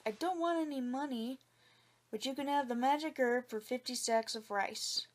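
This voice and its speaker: A woman voicing a poor, clever young man who tricks a farmer with polite, calm words in a storybook reading. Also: sits high, normal speed, natural voice. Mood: sly polite.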